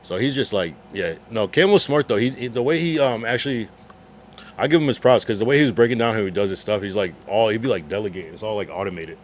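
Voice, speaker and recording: Low-voiced laid-back male streamer. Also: expressive, fast, slight background noise. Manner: laid-back, reads out chat messages, slangy. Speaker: livestreamer reading chat. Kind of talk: casual livestream chat.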